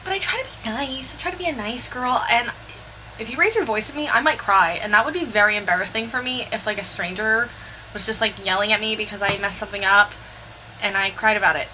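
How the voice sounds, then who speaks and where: A young woman chatting casually over her gameplay build, rambling and candid with quick asides. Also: mid-range voice, sharp tone, slight background noise. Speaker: Sims builder narrating her speed build. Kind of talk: chatty voiceover storytime.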